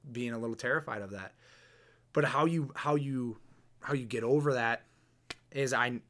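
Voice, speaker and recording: A man's voice: mid-range voice, fairly bright tone. A man in his thirties hosting a podcast, talking in a casual, blunt, motivational way. He is earnest and often repeats words as he finds his next thought. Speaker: podcast host.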